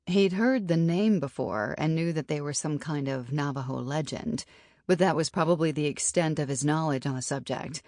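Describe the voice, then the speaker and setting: A woman's voice: low-pitched, normal speed, a little mellow, dry recording. Woman narrating an audiobook, dry sound. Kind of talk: scripted narration.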